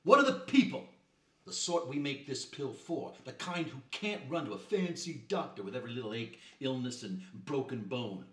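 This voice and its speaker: An actor playing a pompous, smooth-talking huckster selling pills, with grand theatrical speech. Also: male voice, expressive, moderate pace, fairly bright tone, far from the mic, lightly acted. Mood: grandiose. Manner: grandiose, theatrical sales pitch. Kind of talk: stage play acting. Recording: roomy stage heard from afar.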